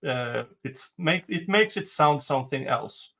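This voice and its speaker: A man's voice: medium pitch, animated, measured pace, creaky, a bit bright. A man with a Swedish accent hosting a live stream, commenting casually on a trial with sarcastic jokes and swearing. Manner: joking, sarcastic, swears freely. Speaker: livestream host commenting on a trial.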